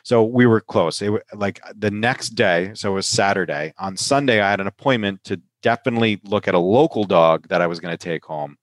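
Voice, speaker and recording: Man, podcast host, low voice, sick with a sinus infection, chatty, keeps asking "right?", dry close sound. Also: a little fast, hardly any pauses, no echo. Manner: loose and chatty, keeps tagging "right?", laughs often. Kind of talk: casual podcast chat.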